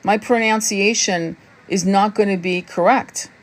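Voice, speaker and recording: A woman's voice: mid-range voice, steady tone, unhurried. A woman hosting a spiritual live stream. She answers viewers' comments in a blunt, casual way, swears freely and often laughs. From United States.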